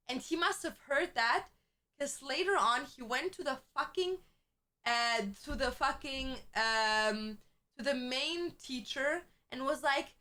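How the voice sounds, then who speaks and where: A young woman streamer in casual chat, chatty and quick to laugh, swearing freely as she tells stories. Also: high-pitched, bright, forceful tone.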